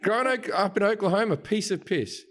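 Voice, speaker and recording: A middle-aged Australian comedian, a guest in a podcast interview, goes on a comic rant full of swearing, animated energy, and mocking impressions. His voice is high and brisk, with background noise in the recording.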